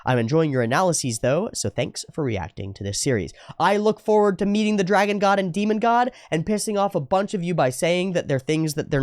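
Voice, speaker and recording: A man's voice: on the high side, dry recording, clean studio sound. A young man hosting an anime reaction channel, chatting casually and reading viewer comments aloud, swearing freely and slipping into mocking voices.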